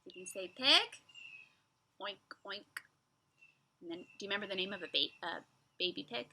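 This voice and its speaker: A woman teacher leading a children's lesson, speaking slowly and patiently as she asks young children simple riddles. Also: mid-range voice, animated, pushed and bright, slight background noise.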